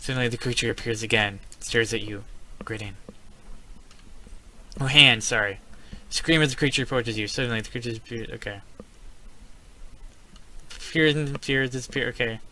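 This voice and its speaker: Man, casual gamer type, bright and sharp voice, reads game text aloud and reacts with excited yelps. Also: mid-range voice, moderate pace, long pauses, slight background noise. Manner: reads story text aloud, then breaks into startled exclamations. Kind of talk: casual let's-play narration.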